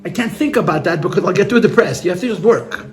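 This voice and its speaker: A man's voice: high-pitched, lively intonation, quick pace. A man speaking as a rabbi to a gathering, telling stories in an earnest, heartfelt way, repeating his words and using Yiddish and Hebrew terms. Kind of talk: storytelling talk at a gathering. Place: room with listeners.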